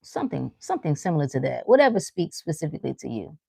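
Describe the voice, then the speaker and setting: A woman talks straight to her live viewers in a casual, motivational way. Her voice sits low and the sound is dry and close, with no room around it. She leans on earnest repetition as she works through affirmations. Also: big pitch swings, fast, creaky, a little mellow, husky, no echo. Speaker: host of a live stream answering chat.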